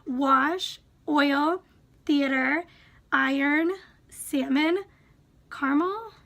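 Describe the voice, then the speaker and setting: A woman's voice: high voice, extremely slow, a bit bright. A young woman from Wisconsin with a Wisconsin accent, casually reading through a word list and second-guessing how she says each word. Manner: reads a word list, musing aloud and second-guessing her pronunciations. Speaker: vlogger.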